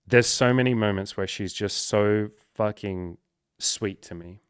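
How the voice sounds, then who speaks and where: A man's voice: fairly low pitch, unhurried, clean tone, dry recording. A young man speaking candidly and emotionally to camera, swearing freely and close to tears. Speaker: coach and content creator. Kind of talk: emotional personal talk to camera.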